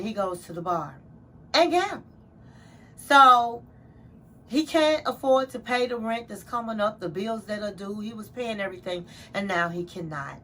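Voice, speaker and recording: A woman with a somewhat high voice talks through a reality show episode in a relaxed, conversational way. She retells the scenes step by step and slips into quoting what the people said. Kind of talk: casual recap.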